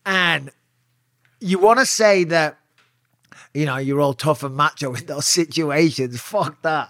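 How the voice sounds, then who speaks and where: A man's voice: on the high side, measured pace, long pauses, no echo, clean studio sound. A man, a retired fighter, telling a wild story as a guest in a casual interview, swearing freely. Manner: profane, animated storyteller.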